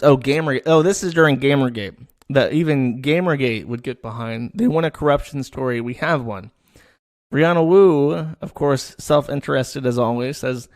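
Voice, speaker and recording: A man's voice: medium pitch, moderate pace, dry recording. Dry-sounding man with sardonic commentary. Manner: sardonic, dismissive asides; loose delivery with fillers and restarts. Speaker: online commentator. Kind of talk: casual commentary reading out messages.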